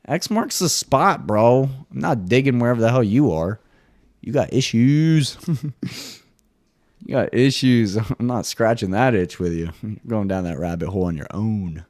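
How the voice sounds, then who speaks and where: A man hosting a casual solo podcast monologue, swearing freely and jumping into high mock voices now and then. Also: animated, moderate pace, a little mellow, dry recording, clean studio sound. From US East Coast. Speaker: podcast host.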